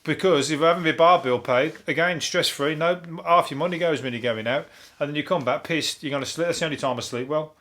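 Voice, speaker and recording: A man with a Birmingham accent, talking alone as the host of a comedy podcast. His voice sits a little high, and his delivery is dry and deadpan, laced with swearing. He rambles loosely from one point to the next. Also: fast talker. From Birmingham, England. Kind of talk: solo comedic news commentary.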